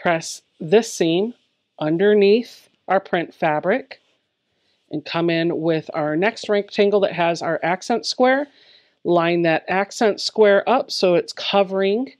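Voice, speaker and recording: A woman's voice: on the low side, a little mellow. A woman giving a step-by-step quilting tutorial, explaining each step plainly in a friendly, encouraging way. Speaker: quilting instructor.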